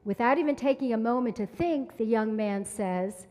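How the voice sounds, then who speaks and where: Slow, measured woman in echoing sanctuary. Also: a little high, lively intonation, a little mellow. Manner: measured, deliberate storyteller. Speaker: service leader at a synagogue. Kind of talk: sermon storytelling. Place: large synagogue sanctuary. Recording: reverberant sanctuary from afar.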